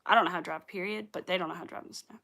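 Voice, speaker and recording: Chatty Southern woman with a gravelly edge. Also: on the low side, fairly even intonation, rapid-fire, sharp tone. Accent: light Southern US. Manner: chatty, rambling, laughs often. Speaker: crochet livestream host. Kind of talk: casual chat with live viewers.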